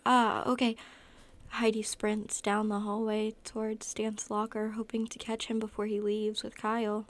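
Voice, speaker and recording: A woman's voice: mid-range voice, normal speed. A woman narrating a fan fiction story aloud, often correcting herself mid-sentence. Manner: even storytelling with frequent self-corrections.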